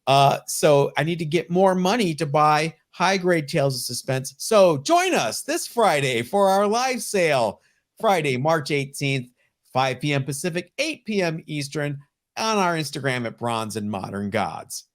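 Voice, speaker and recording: Speaking a little slowly with a fairly high pitch, a man co-hosts a relaxed podcast about collecting comic books. He sounds enthusiastic, engaging in lively collector banter.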